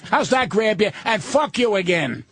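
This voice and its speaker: An older man, a veteran comedian guest on a radio talk show, ranting in a profane, combative, gruff way. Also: high voice, lively intonation, moderate pace, a bit bright.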